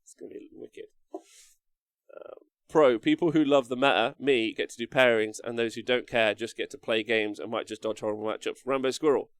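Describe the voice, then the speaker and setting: A man with a gravelly, fry-edged voice hosts a casual live stream, rambling through chat messages and swearing offhandedly. His voice sits at an ordinary middle pitch. The sound is dry and close. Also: no echo. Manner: rambling, swears casually, answers viewer comments aloud.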